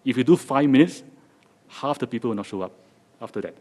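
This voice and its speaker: A man's voice: mid-range voice, expressive, a little fast, mellow. A man with a Singaporean accent giving a joking, chatty talk to a live audience in a lecture hall, with many restarts. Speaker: guest speaker.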